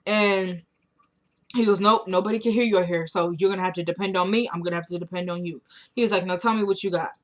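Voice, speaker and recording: A woman talks through a recap of a TV drama episode in a relaxed, chatty way. She retells the scenes by voicing the characters' lines and breaks in with her own blunt opinions. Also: fairly low pitch, quick pace. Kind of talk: casual recap chat.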